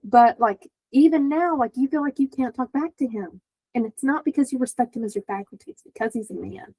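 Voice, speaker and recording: A woman therapist, chatting as a guest and telling stories in a lively way, with lots of "like". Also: a little high, brisk, slightly rough, poor audio. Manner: animated storytelling, many "like" fillers, acts out quotes. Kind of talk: casual podcast conversation.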